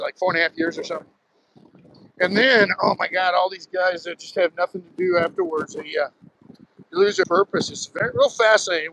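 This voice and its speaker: A man in his sixties from Southern New Jersey talks in a rambling, storytelling way, dropping casual swears along the way. His voice sits fairly high for a man. He is live streaming on a phone as he walks along a beach. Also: fairly bright tone, a little hiss or hum, poor audio. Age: 60s. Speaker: live streamer, retired Marine pilot. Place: outdoors on a beach, walking. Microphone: phone held while walking.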